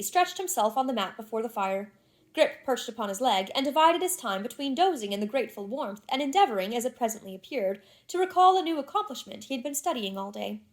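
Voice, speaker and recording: A woman narrating a classic novel in a measured, expressive reading. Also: on the high side. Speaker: audiobook narrator.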